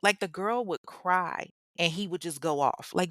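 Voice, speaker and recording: A woman's voice: on the low side, moderate pace, a bit bright, no room sound. A woman hosting a podcast, telling a true-crime story in a casual, blunt way, swearing and mocking the people in it. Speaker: podcast host.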